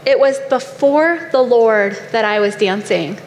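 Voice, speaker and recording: A woman's voice: high voice, unhurried. A woman preacher voicing a devout king who answers his wife firmly and pointedly. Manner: pointed, firm. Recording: long hall reverb, faint noise.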